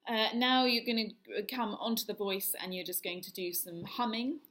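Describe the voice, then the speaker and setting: Woman leading a vocal warm-up. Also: on the high side, normal speed. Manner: demonstrates yawns, hisses, hums and sirens; instructive, step-by-step. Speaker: voice coach.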